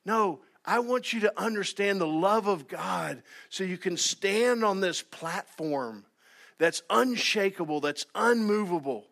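A man preaching a sermon as pastor. He talks earnestly, dropping to soft asides and then rising to loud, emphatic exhortation. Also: sits high, lively intonation, a little slow, creaky. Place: church sanctuary.

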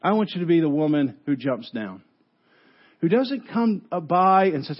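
A man preaching a sermon as pastor, telling stories with animated delivery and frequent restarts. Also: on the high side, normal speed, highs cut off. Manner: animated storytelling with repeated restarts.

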